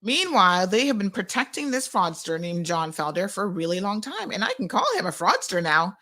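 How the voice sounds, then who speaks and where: A middle-aged woman hosting a live commentary, talking in a sarcastic and animated way. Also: mid-range voice, fairly quick. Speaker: host.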